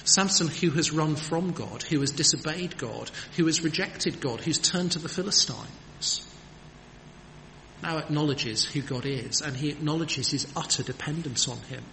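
A man's voice: a little high, moderate pace, vocal fry, sharp tone. A man preaching a sermon in an earnest, emphatic manner, with rhetorical questions. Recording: long hall reverb, faint background noise.

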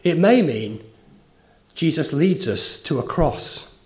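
A man's voice: a little high, sing-song, slow pace, a little mellow. A man preaching a sermon, earnest and emphatic, with a story told along the way. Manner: earnest, rising emphasis on key phrases.

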